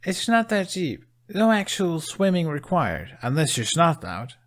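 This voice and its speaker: A man's voice: mid-range voice, very animated, unhurried, mellow, pitched above the performer's own voice. A man voicing a bold, teasing young Viking woman who talks in a daring sing-song, in a fan audiobook reading.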